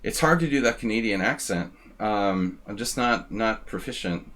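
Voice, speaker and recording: A man's voice: on the low side, animated, normal speed, a bit bright. A man hosting a live chess stream, chatting casually and rambling as he thanks viewers by name.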